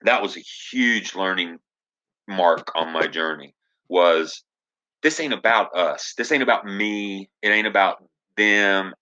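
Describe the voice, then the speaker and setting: An actor tells stories in a casual, animated way, slipping into the voices of the people he quotes. His voice sits low but has a bright, forceful edge. The podcast audio is dull and lo-fi. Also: a little slow. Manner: animated storyteller, acts out quoted dialogue. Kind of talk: casual storytelling interview.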